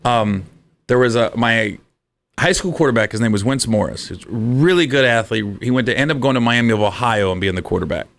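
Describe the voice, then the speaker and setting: A man's voice: mid-range voice, expressive, fairly quick, creaky, a bit bright. A man, a comedian guest, telling comic stories in conversation and laughing through them.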